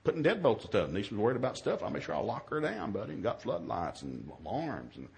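A man who is a minister, telling a humorous story in a sermon, acting out his own yelled lines in a raised voice. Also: quick pace, gravelly. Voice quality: animated, shifts to high yelling quotes.

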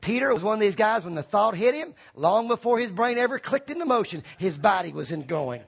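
A man preaching a lively sermon, acting out quoted voices and shouting for emphasis. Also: high-pitched, fairly quick, creaky, slightly rough.

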